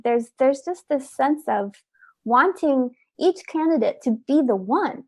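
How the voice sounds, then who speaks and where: A woman with a fairly high voice speaks in a casual interview, earnest and heartfelt. She often repeats a word as she thinks. The recording is close and dry, with no room sound. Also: expressive, moderate pace, dry recording. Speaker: orchestra oboist, interview guest.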